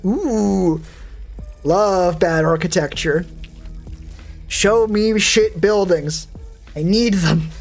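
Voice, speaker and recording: A streamer talks loosely with their live chat and answers viewers as comments come in. The delivery is sardonic and rambling, full of profanity, at a middling pitch. Soft music plays faintly underneath. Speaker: VTuber streamer.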